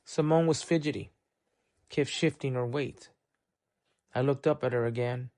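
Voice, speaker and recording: A man narrates a noir short story in a measured, unhurried way. His voice sits at an ordinary middle pitch. The recording is dry, with almost no room sound. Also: a little mellow, no echo. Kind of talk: scripted audiobook narration.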